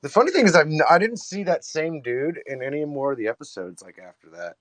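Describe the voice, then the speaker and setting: A man's voice: on the high side, lively intonation, fast talker, fairly bright tone, dry recording. A man hosting a livestream, telling crude stories in casual chat and laughing as he goes. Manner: laughing storyteller, crude jokes. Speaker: livestream host.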